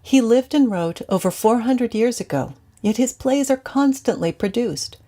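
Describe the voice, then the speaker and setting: A woman teacher giving a scripted, measured lecture to students. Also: on the high side, lively intonation, dark tone.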